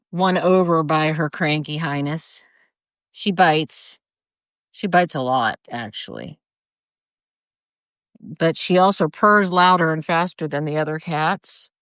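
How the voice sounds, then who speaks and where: A woman's voice: fairly low pitch, a bit bright, smooth, dry recording, clean studio sound. Older woman chatting on a live video. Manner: rambling, greets viewers by name. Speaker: livestreamer. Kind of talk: casual live chat. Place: outdoors on her front porch. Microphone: phone or camera for a live video.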